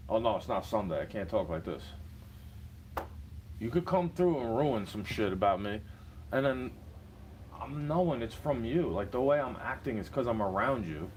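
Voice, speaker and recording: A man's voice: mid-range voice, animated, a little mellow, slight background noise. Agitated young man ranting in a car. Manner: agitated, profane, rambling and rapid-fire. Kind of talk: casual ranting monologue.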